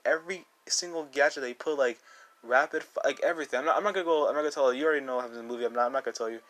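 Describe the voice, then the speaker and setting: A man giving a casual, rambling movie review as a YouTuber, full of "like" and "dude" and eager restarts. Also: medium pitch.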